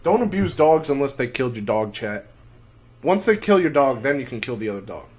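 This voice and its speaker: A young man hosting a casual livestream, telling rambling, profane stories full of dark jokes. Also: mid-range voice, very animated, fairly quick. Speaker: livestream host.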